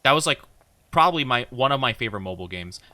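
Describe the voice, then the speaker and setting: Young male streamer, bright dry voice, rambling, giggly, filler-heavy casual chat. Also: mid-range voice, lively intonation, quick pace, dry recording. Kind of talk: casual chat while gaming.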